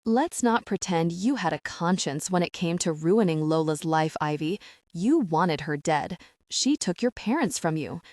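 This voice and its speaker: A cold, calculating schemer in an audiobook thriller, as a woman narrator puts her on, speaking in a slow, measured, mocking way. Her voice sits fairly low, and the recording is close and dry. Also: expressive, darkish tone, dry recording. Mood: smug.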